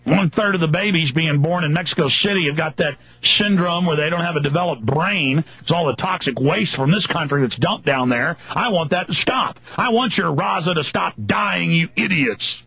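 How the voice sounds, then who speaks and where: Husky-voiced man ranting furiously on radio. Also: on the high side, fairly bright tone, no echo. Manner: furious, mocking, emphatic lists. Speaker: radio talk show host. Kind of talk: angry political radio rant. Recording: dull lo-fi radio broadcast.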